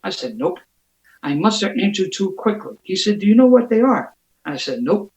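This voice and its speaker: A man's voice: high voice, very animated, a little mellow, roomy sound, low-quality recording. Philly man telling his recovery story. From Philadelphia. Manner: storytelling with quick restarts and laughs. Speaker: AA speaker. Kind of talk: recovery share told as a story. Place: home via video call. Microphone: video call mic.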